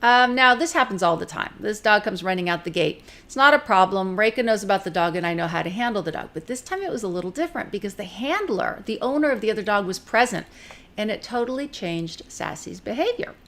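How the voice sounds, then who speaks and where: Woman, dog trainer, teaching talk, conversational, direct, practical, acts out quick voices. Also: mid-range voice, lively intonation, fairly bright tone. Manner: direct and practical, plain-spoken.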